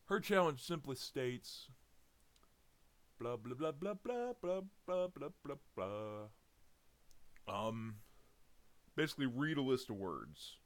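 A man's voice: mid-range voice, expressive, takes it slowly, pauses often. A man doing a casual audio reading challenge, rambling and chuckling between words. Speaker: audio content creator.

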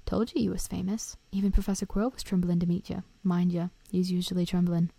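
A woman voicing a huge, gruff but kindly gamekeeper in a folksy, rough way of talking, in a whispered role-play storybook reading. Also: fairly low pitch, level tone, quick pace, mellow, no room sound. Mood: hearty. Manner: rough folksy speech, dropped words.

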